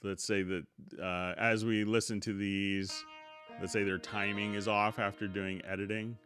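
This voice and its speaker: A middle-aged man hosting a live software tutorial stream in a relaxed, unhurried way, greeting viewers by name before he demonstrates. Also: fairly low pitch, clear, resonant tone, faint music behind.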